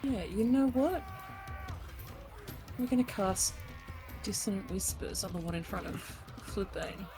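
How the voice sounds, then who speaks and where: A woman playing a tabletop game, slow and hesitant, cracking playful jokes. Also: medium pitch, animated, music in the background. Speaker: player.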